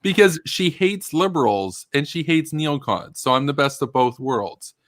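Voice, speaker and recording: A man's voice: medium pitch, lively intonation, moderate pace, a bit bright, no room sound, clean studio sound. A man hosting a political commentary chat, heated and ranting, swearing freely as he talks.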